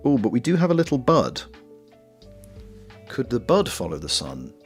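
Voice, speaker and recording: This young man from Wales, a streamer and voice actor, has a husky, medium-pitched voice with huge pitch swings and a moderate pace. He chats casually and jokily in a Welsh accent while knitting on stream, rambling and swearing freely, with faint lo-fi music in the background.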